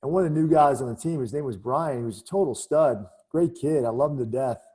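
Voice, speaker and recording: A man's voice: mid-range voice, a little fast, a little mellow. A middle-aged man, a former Army captain, telling a candid story in a casual interview, full of "you know" and "man.".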